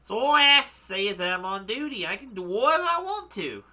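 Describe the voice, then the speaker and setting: Streamer putting on a ex-pickpocket lass, cheeky and cocky, lively swooping pitch, very bright tone. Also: quick pace. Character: cheeky young woman, a reformed pickpocket. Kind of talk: reading game dialogue aloud.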